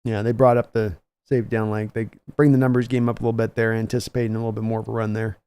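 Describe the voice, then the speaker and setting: Guy calling plays on his live stream, chatty, kinda mellow dark tone. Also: lowish voice, flat delivery, quick pace, clean tone. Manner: chatty, thanks donors between plays. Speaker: livestream host giving play-by-play reaction. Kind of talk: casual live play-by-play commentary.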